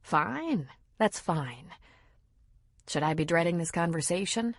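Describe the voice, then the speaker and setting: Hesitant middle-aged grandmother, read by a woman; husky, lively. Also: on the low side, slow pace, dry recording, studio quality, full character voice. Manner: hesitant, wary.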